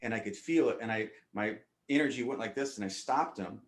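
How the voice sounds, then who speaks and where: A man's voice: fairly low pitch, fairly quick. Earnest man telling a spiritual story, roomy sound. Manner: earnest, vivid first-person storytelling with frequent restarts. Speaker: panelist. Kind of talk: spiritual storytelling in a round-table discussion.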